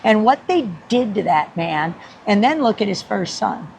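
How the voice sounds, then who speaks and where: A woman guest on a podcast telling a story in an animated, rambling way, laughing often and acting out the people she quotes. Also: medium pitch, normal speed, vocal fry, a little hiss or hum, rough recording. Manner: rambling with many restarts.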